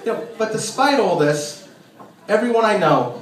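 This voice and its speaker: A high-voiced man works through a stand-up set about his nagging wife and breaks into shrill impressions of her. The sound is a distant, echoey club recording with steady background noise. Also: moderate pace. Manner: exasperated, shrieking put-upon impressions of his nagging wife. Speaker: stand-up comic. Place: small comedy club. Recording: roomy club from a distant mic, noisy. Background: crowd laughter.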